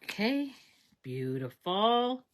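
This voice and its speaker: A woman's voice: medium pitch, sing-song, takes it slowly, a little hiss or hum. A woman hosting a live card-making stream, chatting as she talks herself through each step at her craft table. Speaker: crafting livestream host.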